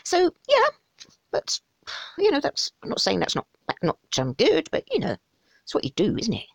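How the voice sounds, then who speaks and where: A woman's voice: a little high, wildly swooping pitch, moderate pace, gravelly, no room sound. A woman giving casual, sarcastic commentary on an article she reads along with, with wry asides. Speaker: host commenting on a study article.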